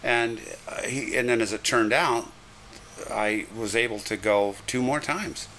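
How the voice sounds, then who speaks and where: An older man, a retired railroad conductor, telling lively anecdotes with chuckling asides in a reminiscing style. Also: mid-range voice, measured pace, slight background noise. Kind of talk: reminiscing storytelling.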